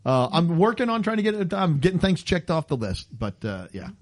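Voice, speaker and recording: A man's voice: fairly high pitch, sing-song, brisk. A man in his fifties hosting a casual comedy podcast, telling stories animatedly and acting out the people in them. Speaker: podcast host.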